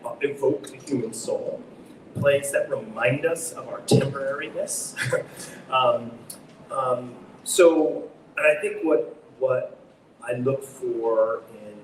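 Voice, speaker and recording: Middle-aged male theater director, guest on a live talk show; reflective, punchy on stressed words; distant mic, echoey hall. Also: mid-range voice. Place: underground market stage. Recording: echoey public space, distant mic, faint noise.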